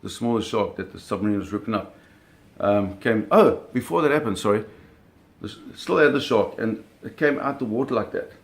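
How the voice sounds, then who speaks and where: A man's voice: fairly low pitch, moderate pace. A man telling a personal story in casual speech, vivid, acting out sounds and often correcting himself. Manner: frequent self-corrections and repeated words. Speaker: storyteller recalling shark hunting. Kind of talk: casual spoken anecdote.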